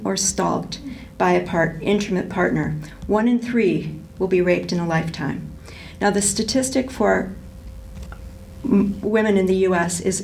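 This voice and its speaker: A woman's voice: mid-range voice, gravelly, darkish tone, slight background noise, low-quality recording. A woman reading from a novel aloud and then talking it over thoughtfully, with frequent ums and restarts. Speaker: book discussion presenter.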